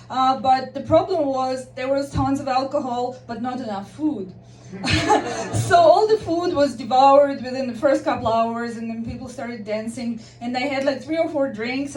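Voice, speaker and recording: A woman with a high voice tells a personal story in an easy, chatty way and laughs now and then as she goes. She sounds a little distant from the mic. Her voice rings in an echoey room over a faint hum of background noise. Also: darkish tone. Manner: chatty, laughs often mid-sentence. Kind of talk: personal story told to listeners.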